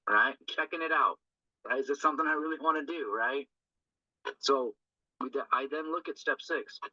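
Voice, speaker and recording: Sharp-toned and on the high side, this recovery group speaker discusses a recovery text informally and earnestly, often tossing in tag questions. The dull, lo-fi recording is dry with no echo.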